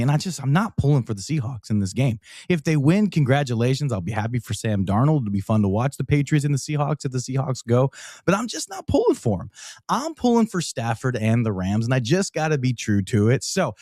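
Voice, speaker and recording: A man hosting a casual livestream, reacting to a football game with excited, rambling commentary and many fillers, often out of breath. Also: medium pitch, no room sound, studio quality. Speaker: livestream host. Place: home.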